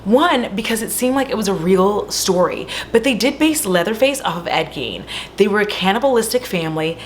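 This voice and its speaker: Animated chatty young woman vlogger. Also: medium pitch, a little fast, slight background noise. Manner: animated, chatty, swears, many "like" fillers. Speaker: host. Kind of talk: casual movie retelling. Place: home.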